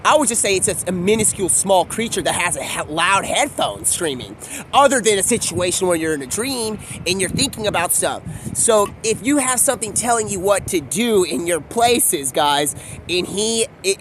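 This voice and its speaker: A man's voice: sits high, animated, moderate pace, fairly bright tone, a little hiss or hum. A man talking in a casual, rambling monologue, free-associating from one thing to the next in slangy speech. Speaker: video creator.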